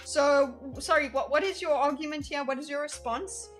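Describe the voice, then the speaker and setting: A woman's voice: high voice, moderate pace, fairly bright tone, soft background music. A woman streamer giving casual live commentary in a blunt, exasperated, sarcastic way.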